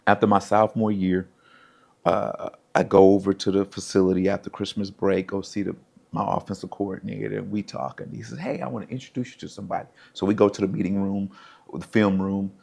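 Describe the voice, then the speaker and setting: A man's voice: sits low, brisk, vocal fry. A middle-aged man, a former pro football player, telling stories as a podcast guest and acting out what others said. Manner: animated storyteller, acts out quotes. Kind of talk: casual storytelling interview.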